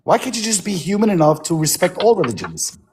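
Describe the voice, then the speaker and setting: A man's voice: sits high, sing-song, fast talker, a little hiss or hum. Combative swearing man in a debate. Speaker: debate caller. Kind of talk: heated online debate.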